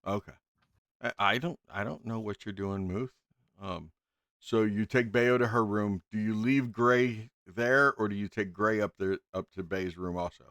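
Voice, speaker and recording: A man's voice: lowish voice, fairly even intonation, normal speed, a bit bright, no echo. A man narrating as game master in a casual tabletop game, laid-back with frequent ums and chuckles.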